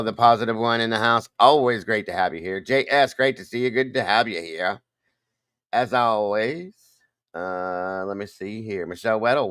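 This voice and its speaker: A man's voice: deep voice, fairly bright tone, no echo. An older man hosting a casual livestream, rambling and greeting viewers one by one by name. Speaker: livestream host.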